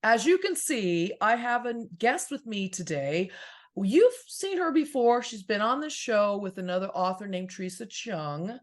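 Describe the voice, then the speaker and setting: A woman's voice: mid-range voice, sing-song, a little slow. A woman hosting a casual interview show, bubbly and chatty, often turning to talk straight to her viewers. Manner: bubbly, addresses viewers directly. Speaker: host. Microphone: video call.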